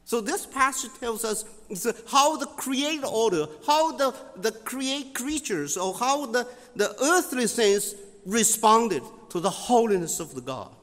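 A man teaching scripture in sermon style, halting with many fillers and repeating key phrases for emphasis. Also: very high voice, animated, a bit bright, in a large hall.

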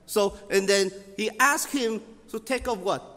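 A man teaching scripture in sermon style, halting with many fillers and repeating key phrases for emphasis. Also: high-pitched, bright, forceful tone, long reverb tail.

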